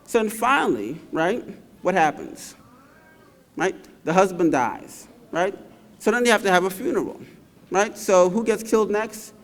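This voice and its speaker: A man's voice: sits high, lively intonation, unhurried. A man giving a graduation speech, telling stories and checking in with the crowd with frequent tag questions. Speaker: commencement speaker. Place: large hall. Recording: reverberant large hall.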